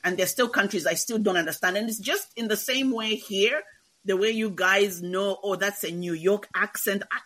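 A woman from Zambia, explaining her views calmly in a casual discussion. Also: mid-range voice, moderate pace. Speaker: book club guest.

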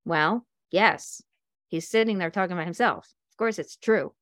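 Teaching self-inquiry to a group in an informal talk, this woman speaks at a moderate pace with a lowish voice. Her delivery is lively: she illustrates ideas with examples and performs small scenes using voices, all captured in clean, dry studio sound.

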